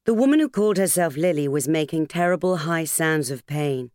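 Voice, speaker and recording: A woman reading an audiobook in a measured, expressive narration, recorded on a studio microphone. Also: low voice, no room sound. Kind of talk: scripted narration.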